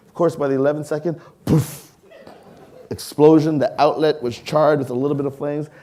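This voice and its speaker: Male speaker, 40s, warm low-toned lecturer, animated storyteller addressing a hall audience. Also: normal speed. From Canada. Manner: lively storyteller, acts out voices, engages audience with questions. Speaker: science museum leader giving a public talk. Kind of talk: public lecture with personal stories.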